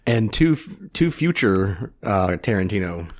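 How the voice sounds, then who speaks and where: A man's voice: on the low side, very animated, measured pace. A man co-hosting a casual podcast chat about a film, chatty and adding trivia. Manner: chatty, laughs along, adds trivia.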